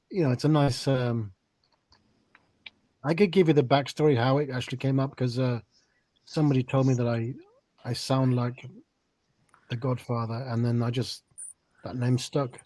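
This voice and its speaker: A man chatting on a live stream, hesitant and soft-spoken, with many ums. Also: medium pitch, steady tone, a little slow, long pauses, no room sound. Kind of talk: casual chat on a live stream.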